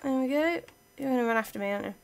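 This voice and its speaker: A woman's voice: high-pitched, very fast, vocal fry. A woman giving casual let's-play commentary, chatting playfully to her game units as she plays. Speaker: gaming channel host.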